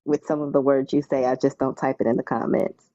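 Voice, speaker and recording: A woman's voice: rumbling low, level tone, fast talker, mellow, no room sound, muffled recording. An older woman and grandmother joining a live stream, chatting and teasing in an easygoing way. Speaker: co-host guest. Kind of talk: casual live stream chat.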